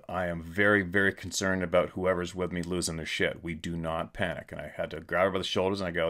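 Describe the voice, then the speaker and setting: Deep-voiced blunt storytelling man. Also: steady tone, brisk, fairly bright tone. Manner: emphatic, repetitive, blunt. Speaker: podcast host. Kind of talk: casual storytelling monologue.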